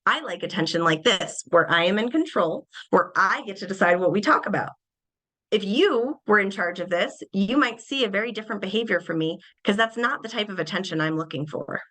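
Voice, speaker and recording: Young woman presenter, bright and lively, acts out examples in small voices during a webinar lecture. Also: mid-range voice, a little fast, poor audio. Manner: animated, acts out little scenes in changed voices. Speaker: behavior analyst presenter.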